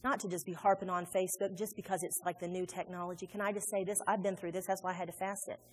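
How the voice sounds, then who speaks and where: A woman pastor preaching a sermon in a large church, animated and conversational, acting out little quotes as she goes. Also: fairly low pitch, fast. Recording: reverberant hall with faint music.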